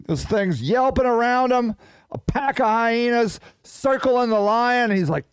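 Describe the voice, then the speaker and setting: A podcast host chats on his own, spinning rambling, playful stories with animated energy. His voice is high-pitched, smooth and a little slow, with no room sound in the recording.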